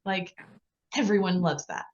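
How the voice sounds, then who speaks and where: A woman hosting a podcast interview, responding in an affirming way and talking in quick run-on sentences. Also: on the low side. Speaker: podcast host. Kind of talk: casual interview chat. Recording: slightly dull lo-fi audio.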